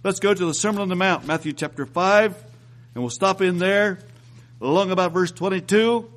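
A man preaching a sermon, reading scripture aloud and repeating phrases, rising and slowing down to drive points home. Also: high-pitched, a bit bright. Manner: reads scripture aloud, rises and slows for emphasis.

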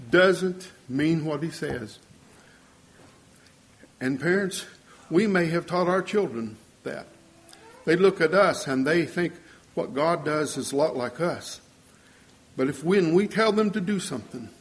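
An older man preaching a sermon, earnest and storytelling, acting out the voices of people in his stories. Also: on the high side.

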